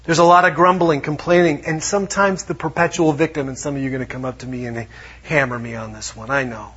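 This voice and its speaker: Guy preaching a sermon, kinda husky, higher voice, bounces between quotes. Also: fast talker. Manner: lively preaching with acted-out quotes. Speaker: pastor. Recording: dull lo-fi sound.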